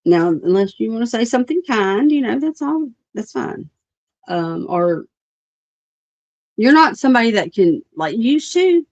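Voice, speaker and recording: A woman's voice: fairly high pitch, very animated, measured pace, darkish tone, no echo. Blunt, profane woman ranting. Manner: blunt, profane and rambling, with many fillers. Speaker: livestream host. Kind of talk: livestream rant. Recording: dull lo-fi stream audio.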